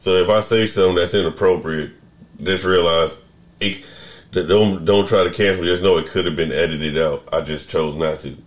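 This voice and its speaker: A man with a very low, deep voice hosts a casual podcast conversation. He rambles and keeps cutting himself off mid-sentence. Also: fairly even intonation, moderate pace. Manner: rambling, self-interrupting, restarts sentences. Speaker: podcast host. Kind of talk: casual chat.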